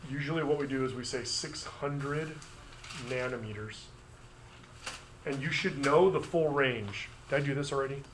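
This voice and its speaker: Bright-voiced man teaching a classroom review. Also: medium pitch, a little hiss or hum. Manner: brisk, conversational, joking asides. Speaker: physics teacher.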